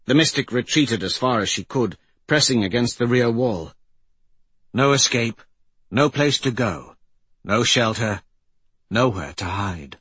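A man narrating a fantasy audiobook in a slow, measured storytelling voice. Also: medium pitch, expressive, fairly bright tone, breathy edge, no echo.

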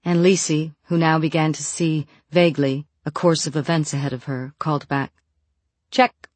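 Measured audiobook narrator, dry close sound. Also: medium pitch, little pitch movement, darkish tone, dry recording. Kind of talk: scripted novel narration.

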